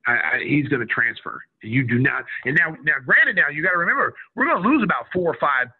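Middle-aged man, ex-player storyteller, lively quotes, tinny radio sound. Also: a little high, a little fast, husky. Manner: animated, acts out quotes of others. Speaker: former college basketball player telling a story. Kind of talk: casual storytelling on a radio show. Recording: tinny phone-like radio audio.

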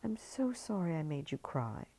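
A woman's voice: low voice, very animated, moderate pace, mellow, breathy edge, heavily acted. A woman reading a story, voicing an impulsive, apologetic woman who pleads in intimate whispers. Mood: pleading.

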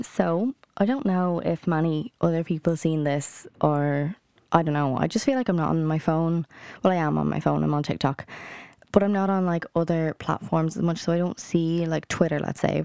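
A woman's voice: sits low, normal speed, vocal fry, mellow, clean tone, dry recording. A young Irish woman hosting a podcast alone, chatting casually in a blunt, rambling way, full of fillers and swearing. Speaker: podcast host. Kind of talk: casual solo podcast chat.

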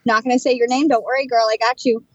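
A woman co-hosting a podcast, telling stories in a chatty, animated way about her work as a psychic and channeler. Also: a little high, fast talker, highs cut off. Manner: chatty storyteller, animated retelling of conversations. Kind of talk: casual chat.

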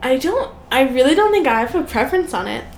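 Giggly young woman co-host, high lively voice, echoey room. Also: quick pace, creaky. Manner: giggly and animated, frequent laughs. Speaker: podcast co-host. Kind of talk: casual chat. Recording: echoey room with faint noise.

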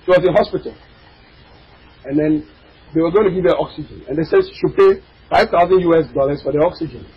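A male pastor delivering an impassioned sermon, breaking into shouted, cracking cries and calling out to his congregation. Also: a little high, quick pace, slightly rough, highs cut off. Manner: addresses and prods the congregation directly.

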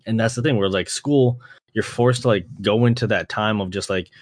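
Young guy hosting a podcast, swears a lot, acts out quotes in a high voice, dry sound. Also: normal speed, no echo. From Canada. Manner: laid-back, swears a lot, acts out quotes with a jump in pitch. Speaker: podcast host. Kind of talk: casual storytelling chat.

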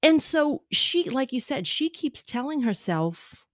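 A woman's voice: high-pitched, sing-song, unhurried, no echo, studio quality. Chatty woman with frequent laughs. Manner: chatty, laughs often, acts out quotes. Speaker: podcast co-host. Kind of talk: casual chat recapping a TV show.

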